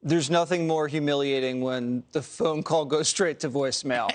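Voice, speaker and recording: A man's voice: on the high side, steady tone, moderate pace. A man co-hosting a TV panel show, talking in a sarcastic, mocking way. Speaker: panel co-host. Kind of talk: opinionated panel talk. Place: TV studio.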